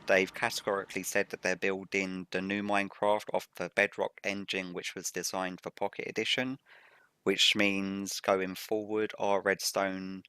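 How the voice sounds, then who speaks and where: A man hosting a game Let's Play with a rough morning voice, explaining each step methodically as he plays. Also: low voice, completely flat delivery, normal speed, pushed and bright, dry recording. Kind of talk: gameplay commentary.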